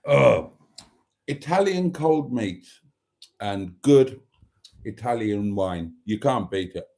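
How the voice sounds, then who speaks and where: Man, live-stream host, casual chat, reads comments aloud, teasing, very animated intonation. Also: mid-range voice, slow pace.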